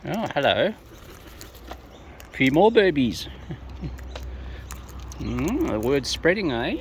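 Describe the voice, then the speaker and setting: A man, chatting playfully to wild birds while feeding and filming them, his calls leaping up high as he coaxes them closer. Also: big pitch swings, slow, long pauses, background noise. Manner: playful coaxing, voice leaps high when calling birds. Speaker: bird-feeding vlogger. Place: outdoors feeding wild cockatoos.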